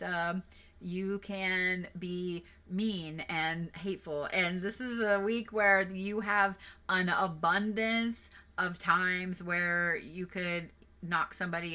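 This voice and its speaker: A woman's voice: lowish voice, pushed and bright. A woman giving casual zodiac card readings on a livestream, chatty and playful, swearing and giggling as she goes. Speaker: reiki practitioner and tarot reader.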